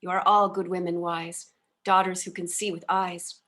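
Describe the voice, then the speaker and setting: A woman's voice: lowish voice, little pitch movement, normal speed, fairly bright tone. A middle-aged woman, an interview guest, reciting a long channeled rhyming poem in a rhythmic, incantatory way. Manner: rhythmic, incantatory verse delivery.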